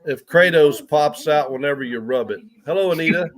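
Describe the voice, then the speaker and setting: A man's voice: a little high, a little fast. A man hosting a casual livestream, reading out viewer comments and teasing his guest. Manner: joking, reads out viewer comments. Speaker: livestream host.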